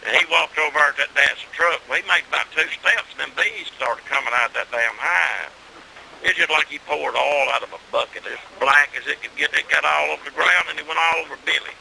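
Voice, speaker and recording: A middle-aged man tells a rural story in a salty, folksy way, cussing plenty and growing loud and excited with laughs. His voice is fairly high and brisk, with vocal fry. The audio is poor, with slight background noise.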